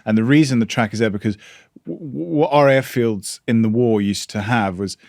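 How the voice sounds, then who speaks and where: A man hosting a podcast, explaining at a measured pace with some stammering restarts. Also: medium pitch, creaky, darkish tone, dry recording, studio quality. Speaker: podcast host. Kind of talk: interview and read ad.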